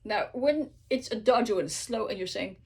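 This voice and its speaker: A woman and native English speaker teaching how she practices an aria, who breaks into slow sung Italian phrases and asks "okay?" again and again. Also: mid-range voice, breathy edge. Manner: repeats sung Italian phrases slowly, checks in with "okay?" constantly. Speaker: singer teaching her practice method. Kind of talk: casual vocal tutorial.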